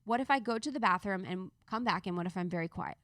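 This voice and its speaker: A woman voicing a sweet, gentle male house cat who speaks softly and agreeably while retelling a story. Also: mid-range voice, lively intonation, quick pace, no echo, studio quality, natural voice. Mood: soft agreeable.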